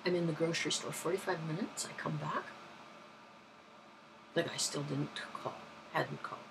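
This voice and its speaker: Gravelly-voiced woman telling stories. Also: low-pitched, fairly even intonation, moderate pace, noisy background. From London, England. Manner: rambling, self-correcting, chatty. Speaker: vlogger. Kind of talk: casual anecdotal storytelling.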